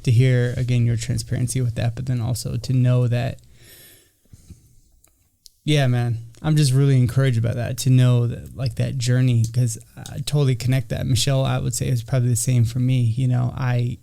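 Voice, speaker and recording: A man's voice: mid-range voice, level tone, normal speed, gravelly, dark tone. A man speaking in an encouraging and candid way in a casual podcast chat. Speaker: podcast guest, returning regular.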